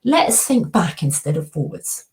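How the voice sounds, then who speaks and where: A woman's voice: low-pitched, very animated, unhurried. A middle-aged woman, giving a coaching presentation with slides and acting out her inner dialogue as she tells a story. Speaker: anxiety coach and speaker.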